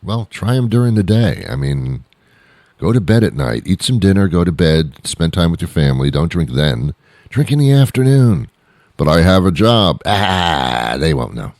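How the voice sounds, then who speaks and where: Deep-voiced man in a rambling rant. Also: sing-song, moderate pace, darkish tone, dry recording, clean studio sound. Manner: rambling, exasperated ranting with restarts. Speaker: radio show host. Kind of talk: comedic monologue.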